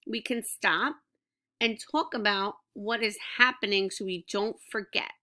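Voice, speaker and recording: A woman teacher giving a reading lesson to young children, speaking slowly and clearly in an encouraging way. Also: mid-range voice, bright, forceful tone. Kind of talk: recorded classroom reading lesson.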